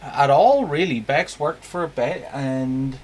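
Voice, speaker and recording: A man's voice: mid-range voice, slow pace, a little mellow, a little hiss or hum. A man with a Northern Irish accent hosting a live stream, chatting casually and greeting viewers by name. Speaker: streamer host.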